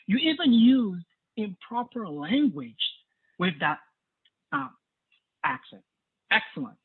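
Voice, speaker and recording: A man's voice: high-pitched, breathy edge. A man giving an enthusiastic spoken evaluation of a club speech over a video call. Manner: enthusiastic, praising. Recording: tinny phone-like audio.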